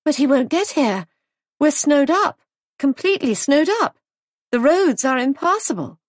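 A woman voicing an anxious young wife who runs a guest house, raising her voice higher and speaking in a worried, plaintive way. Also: animated, moderate pace, dry recording, clean studio sound. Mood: fretful.

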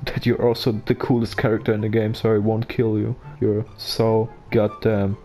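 Monotone man with a German accent. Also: on the low side, fairly quick. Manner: flat monotone, joking to himself. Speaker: gameplay commentator. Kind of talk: casual gaming commentary. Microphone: basic microphone.

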